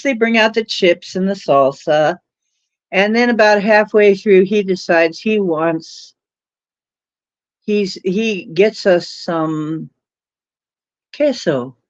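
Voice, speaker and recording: A woman's voice: medium pitch, expressive, slow pace, pauses often, no room sound. A woman hosting a livestream, rambling and laughing as she tells stories with lots of fillers. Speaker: livestream host. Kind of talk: casual storytelling chat. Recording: dull lo-fi dry sound.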